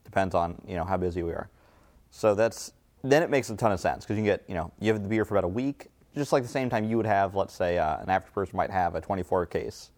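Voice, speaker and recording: A man talking in a relaxed, explanatory way in a casual chat. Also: deep voice, quick pace.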